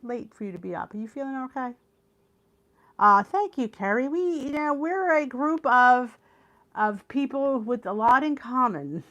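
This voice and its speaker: A woman's voice: a little high, animated, moderate pace, fairly bright tone, muffled recording. A middle-aged woman with a Philadelphia accent, hosting a live stream and chatting with viewers, laughing often. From Philadelphia area, US. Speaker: weight loss channel host.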